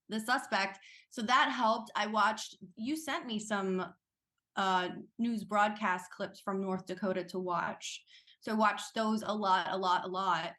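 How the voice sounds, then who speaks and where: Chatty, animated woman actress. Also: medium pitch. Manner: chatty and animated, quick laughs. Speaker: actress and interview guest. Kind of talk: casual interview talk.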